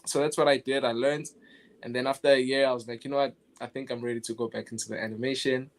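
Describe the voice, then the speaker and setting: Speaking quickly in a mid-range voice, a young animator from South Africa chats as a guest in a laid-back interview. He laughs a lot and frequently starts his sentences over.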